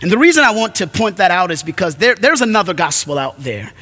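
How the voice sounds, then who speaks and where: Bright-voiced man preaching in a hall. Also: high voice. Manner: earnest, animated preaching with dramatic pauses. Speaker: pastor. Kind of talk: sermon. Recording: echoey hall.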